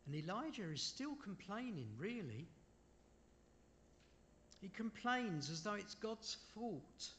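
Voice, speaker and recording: Slow, lively-voiced male preacher. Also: sits high, a little hiss or hum. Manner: asks the listeners rhetorical questions; unhurried, with apologetic asides. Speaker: preacher leading a Bible study. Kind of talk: sermon.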